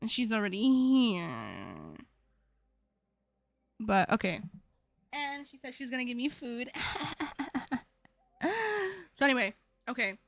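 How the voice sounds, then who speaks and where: High-voiced chatty young woman streamer. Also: sing-song, a little slow, vocal fry, pauses often. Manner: chatty and rambling, repeats herself. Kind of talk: casual stream sign-off chat.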